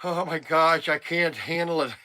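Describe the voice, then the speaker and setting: A man hosting a toy shop live stream, an excitable pitchman who rambles and breaks into shouts, his voice strained from days of nonstop talking. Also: moderate pace. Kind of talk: casual live-stream sales talk. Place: inside a toy shop among shelves.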